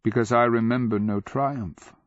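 A man voicing an ancient, inhuman sorcerer king who is mad and grandiose, speaking in a booming, declamatory way for an audiobook. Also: fairly even intonation, normal speed, dry recording, natural voice. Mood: furious. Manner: booming, declamatory, swings into roaring fury. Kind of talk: audiobook character voice. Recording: dull lo-fi audio.

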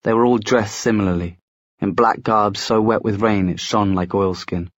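A man narrating a fantasy audiobook in a measured, even storytelling manner. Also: on the low side, no echo. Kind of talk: scripted narration. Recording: dry, slightly dull studio sound.

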